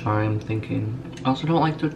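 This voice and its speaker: A man's voice: lowish voice, fast talker, muffled recording. A young man chatting casually to camera in a vlog, rambling with lots of fillers. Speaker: vlogger. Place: Los Angeles, at home and in a car. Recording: home vlog with clear ambient noise.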